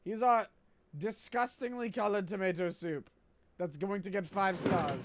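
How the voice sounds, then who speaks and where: A man's voice: sits high, unhurried, dry recording. A man streaming a game, playing a boastful chef persona with theatrical, pompous, profane rants.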